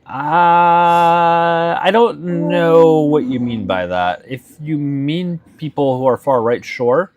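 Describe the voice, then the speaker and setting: A man's voice: fairly high pitch, slow, hardly any pauses, lo-fi sound. A man hosting a casual live stream chat, talking bluntly, teasing his viewers and swearing freely.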